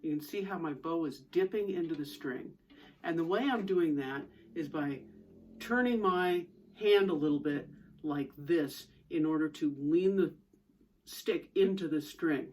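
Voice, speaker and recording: A woman's voice: deep voice, a little slow, a little mellow, a little hiss or hum. A woman fiddle teacher explaining bowing techniques step by step in an instructional lesson, with fiddle playing between her explanations.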